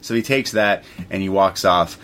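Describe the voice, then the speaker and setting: A man co-hosting a movie podcast, casually recapping the plot in a rambling way with quick voiced asides. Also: low-pitched, fairly bright tone, slight background noise. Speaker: podcast co-host. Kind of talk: casual movie review chat.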